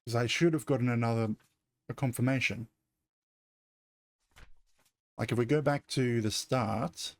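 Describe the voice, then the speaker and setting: A man's voice: medium pitch, a little slow, long pauses, no echo. A man playing a video game and thinking aloud in casual commentary, often correcting himself. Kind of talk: let's-play commentary.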